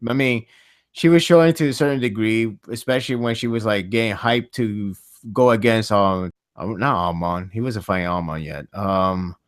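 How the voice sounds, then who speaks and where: A man hosting a casual podcast chat, rambling and animated, laughing often. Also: lowish voice, normal speed, no echo, studio quality. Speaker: podcast host.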